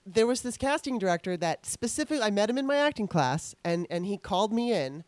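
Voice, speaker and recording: An earnest woman hosts a casual interview, mid-pitched and rambling, circling back and restarting her sentences as she talks. The recording is dry and close to the mic. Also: sing-song, fast talker, a little mellow, no room sound. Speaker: podcast host.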